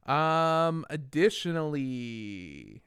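A man's voice: on the high side, sing-song, very slow, a bit bright, smooth, no room sound, clean studio sound. A man co-hosting a podcast, joking and swearing casually while rambling through sponsor reads. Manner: profane, jokey, rambling with fillers. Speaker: podcast co-host.

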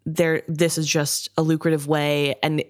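Female podcast co-host, very low pitch, chatty and warm-hearted opinions, dry close sound. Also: level tone, measured pace, no room sound. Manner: chatty, sympathetic, many "I think" asides. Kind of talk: casual book discussion.

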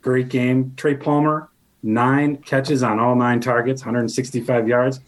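A man co-hosting a casual sports podcast, rattling off football numbers in an easy, conversational way. His voice sits at an ordinary middle pitch. He jumps between stats and offhand opinions. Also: little pitch movement. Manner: conversational, quick stat recitation with light laughs. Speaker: podcast co-host.

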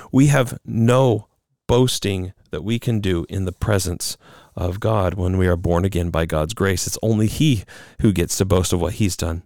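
A man's voice: lowish voice, a little mellow, dry recording, studio quality. A man preaching a sermon, reading scripture and a commentary aloud and then explaining it earnestly, with restarts as he speaks freely. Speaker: pastor.

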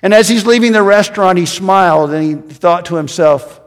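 High-voiced preaching man in a hall. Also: normal speed, hardly any pauses. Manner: storytelling preacher, dropping to quiet emphasis. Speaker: pastor. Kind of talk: sermon.

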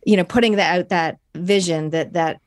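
A woman's voice: lowish voice, normal speed, no room sound, clean studio sound. A woman hosting a podcast, chatting in a reflective, enthusiastic way. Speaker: podcast host. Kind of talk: casual podcast interview.

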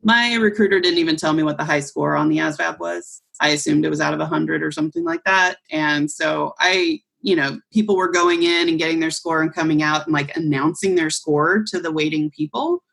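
Husky woman telling a lively story. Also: low-pitched, fairly quick, hardly any pauses. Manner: animated storyteller, acts out quoted voices. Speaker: podcast co-host. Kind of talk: casual storytelling chat.

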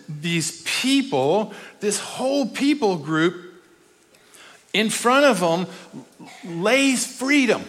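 A man delivers a sermon in a high, lively voice that swings widely in pitch. He hammers points home with repetition and rhetorical questions. His bright tone rings through a church hall with a long tail of reverb. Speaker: guest preacher.

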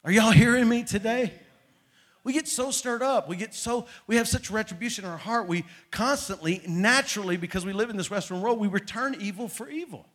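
Emphatic pastor preaching with big swings. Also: male voice, fairly quick. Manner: lively, swings between loud emphatic peaks and low quiet asides. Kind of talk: sermon.

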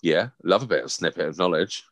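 A man's voice: sits low, animated, brisk, dry recording. A man with an English accent co-hosting a podcast in casual, playful, sweary banter. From England. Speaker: podcast co-host. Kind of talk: casual chat.

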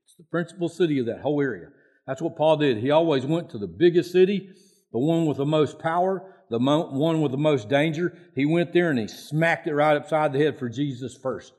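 A man's voice: a little high, lively intonation, a little fast, a little mellow. A man preaching a sermon in a folksy, repetitive way, raising his voice to act out prayers. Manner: acts out prayers in a raised voice. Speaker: pastor.

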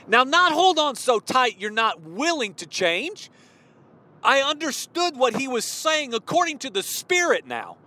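A man in his forties preaching a fervent, worked-up sermon, at times yelling. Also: extremely high pitch, huge pitch swings, a little slow. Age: 40s. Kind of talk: impassioned sermon.

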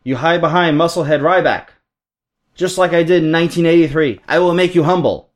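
A man voicing a boastful old wrestler in a deliberately bad put-on accent, loud and taunting. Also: fairly high pitch, voice pushed up, close to an everyday voice. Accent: put-on, poorly done foreign accent. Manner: loud, taunting, spitting insults.

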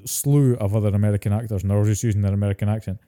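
A man chats as a podcast co-host. His voice sits fairly low and sounds very dark and mellow. He swears casually and laughs often. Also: fairly even intonation, racing. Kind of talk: casual chat.

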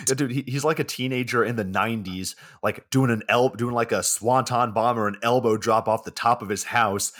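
Man, podcast host, casual storyteller, wry, swears, mid-pitched voice. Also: a little fast, hardly any pauses, a bit bright. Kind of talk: casual movie plot recap.

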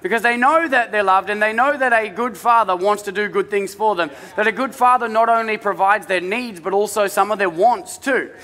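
A middle-aged man preaching in a church, his voice high and bright, with a long reverb from the large hall around him. He talks to the congregation in a loose, conversational way and drops in humorous stories about his family. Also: fairly quick, hardly any pauses. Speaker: pastor. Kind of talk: sermon.

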